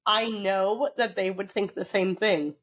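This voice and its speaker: A woman co-hosting a podcast, telling a story in a chatty, animated way with plenty of fillers. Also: mid-range voice, measured pace. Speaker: podcast co-host. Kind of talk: casual storytelling chat.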